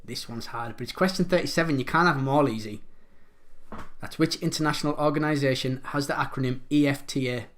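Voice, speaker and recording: A man's voice: medium pitch, quick pace. A man hosting a pub quiz live from home, chatty and rambling, joking about his own pronunciation as he reads out the questions.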